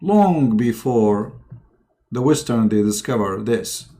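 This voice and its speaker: A man giving sardonic commentary, halting and stumbling with frequent fillers between sketches. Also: mid-range voice, lively intonation, dark tone. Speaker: religious commentator.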